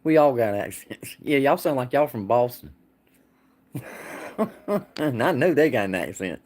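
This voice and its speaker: A man's voice: medium pitch, animated, unhurried, darkish tone. Folksy man chatting. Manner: rambling, laughs often, folksy. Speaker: livestream host. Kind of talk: casual livestream chat answering viewers.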